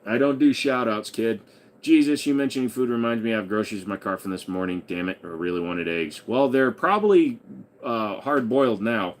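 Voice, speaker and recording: Low-voiced man answering live chat. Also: fairly quick. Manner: reads viewer questions aloud and answers offhand. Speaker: live stream host. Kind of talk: casual live stream chat. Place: home room with a gun wall.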